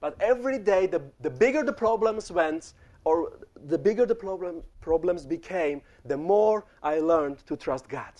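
Young male preacher, high tenor, chatty sermon storytelling that speaks straight to the room. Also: expressive, moderate pace, a little mellow, lo-fi sound. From refugee childhood in the Netherlands. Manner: storytelling, addresses the congregation directly.

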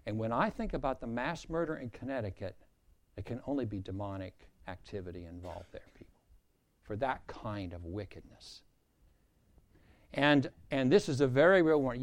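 A man's voice: mid-range voice, a little mellow. A man preaching a sermon as a pastor, emphatic and repeating key phrases for weight.

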